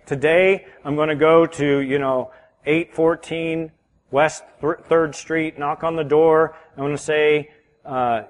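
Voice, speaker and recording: A man preaching a sermon as pastor. He swings between loud, emphatic lines and hushed ones. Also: fairly high pitch, fairly even intonation, a little slow. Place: church sanctuary. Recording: reverberant hall.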